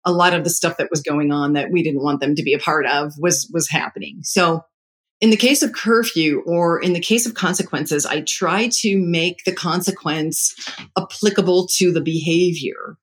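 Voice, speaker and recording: A calm, measured middle-aged voice giving parenting advice in a relaxed, conversational way. The speaker works through personal stories at an even, unhurried pace, sitting at a middle pitch. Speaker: parenting advisor. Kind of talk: casual advice talk.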